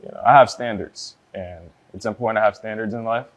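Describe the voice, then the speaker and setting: A man in his early twenties, a plaintiff speaking hesitantly in court with many fillers and a quiet voice. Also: on the low side, steady tone, a little fast. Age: 20s.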